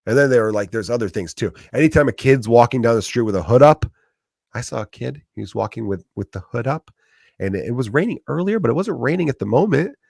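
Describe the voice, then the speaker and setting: A man's voice: medium pitch, lively intonation, quick pace, creaky, darkish tone, husky, no echo, clean studio sound. A man in his thirties with a Chicago accent, a comedian hosting his podcast and ranting in a profane comedic monologue. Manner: profane, ranting, acts out quoted voices.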